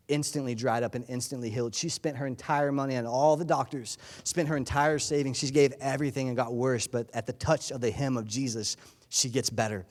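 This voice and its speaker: A man preaching in a relaxed, conversational way, then interviewing a guest on stage, often acting out voices from the stories. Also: medium pitch, brisk. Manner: animated, conversational, acts out characters with bursts of loudness. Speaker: pastor. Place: church stage.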